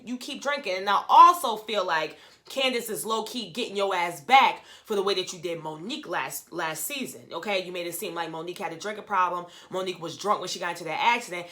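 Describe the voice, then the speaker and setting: A woman's voice: mid-range voice, bright, forceful tone. A woman giving a casual recap of a reality TV episode from home, blunt and profane, trash-talking with a lot of energy. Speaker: reality TV commentator. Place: home room.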